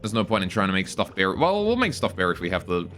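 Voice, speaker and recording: A man's voice: low voice, big pitch swings, fast, fairly bright tone, soft background music. A man streaming a game live, joking with his chat while he plays. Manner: joking, chats with viewers while playing.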